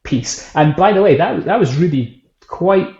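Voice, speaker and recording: Gravelly Scottish man telling stories. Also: fairly high pitch, lively intonation, measured pace, a little mellow. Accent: Edinburgh Scottish. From Scotland. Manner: chatty storyteller, laughs often. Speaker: guest, whisky author. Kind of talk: casual interview chat. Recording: echoey room, dull lo-fi sound.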